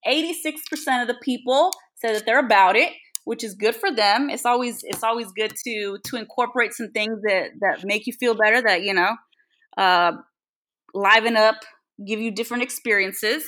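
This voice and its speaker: A woman's voice: a little high, normal speed, a bit bright. A woman co-hosting a podcast, telling a personal story in casual, profane chat. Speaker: podcast co-host.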